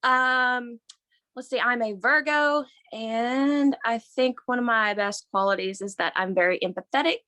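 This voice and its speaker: A woman's voice: on the high side, unhurried, bright, forceful tone, no echo. A woman with an Arkansas accent introducing herself as a game contestant, friendly and laughing at herself. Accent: Arkansas Southern US. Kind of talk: casual self-introduction.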